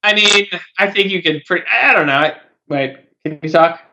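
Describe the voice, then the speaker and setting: Man, higher voice, bright tone, casual political chat, rambling with many fillers and restarts. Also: normal speed.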